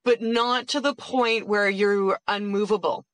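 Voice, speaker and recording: A woman hosting an interview, affirming her guest and summing up her points in quick questions. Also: mid-range voice, fairly even intonation, fairly bright tone, no echo, poor audio. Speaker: podcast host. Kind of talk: casual interview.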